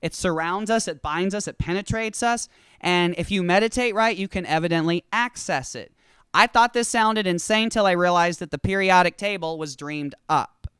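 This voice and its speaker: A show host delivering a rambling, profane, animated stoned comedy rant. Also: medium pitch, normal speed, clean tone, no room sound, clean studio sound. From California.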